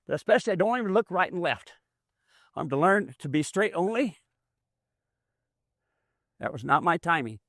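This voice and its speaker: High-voiced folksy man training a mule. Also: lively intonation, moderate pace, pauses often, fairly bright tone, no room sound, studio quality. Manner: folksy, explains as he works, drawling rural grammar. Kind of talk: hands-on training demonstration.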